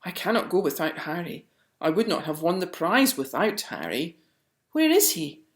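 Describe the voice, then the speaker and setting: A woman's voice: on the low side, moderate pace. Basil, a boastful fox, as a woman puts him on. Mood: urgent. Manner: boastful and excitable. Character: excitable boastful fox, quick to anger. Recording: roomy echo.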